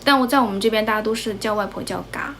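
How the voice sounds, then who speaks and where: Very fast and mid-range, with a fairly bright tone and a bit of hiss or hum, this young Chinese-accented woman hosts a livestream from her grandmother's home. She teaches English and chats casually, mixing English and Chinese.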